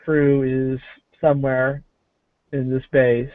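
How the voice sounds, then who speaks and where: A man narrating a tabletop game as game master, halting with many fillers. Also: medium pitch, flat delivery, dry recording. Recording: tinny phone-like call audio.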